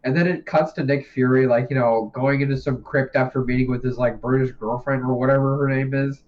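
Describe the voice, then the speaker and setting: A man's voice: mid-range voice, fairly even intonation, fairly quick. A young man co-hosting a casual podcast, rambling, swearing and laughing often as he recaps. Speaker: podcast co-host. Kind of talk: casual chat. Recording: dull lo-fi sound.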